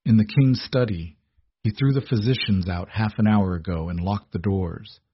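A man voicing a gruff, sardonic maidservant in a storybook reading, speaking bluntly. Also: fairly low pitch, normal speed, lo-fi sound.

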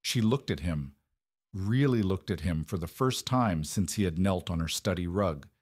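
Male storyteller, steady scripted narration, dry and low. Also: normal speed, no echo.

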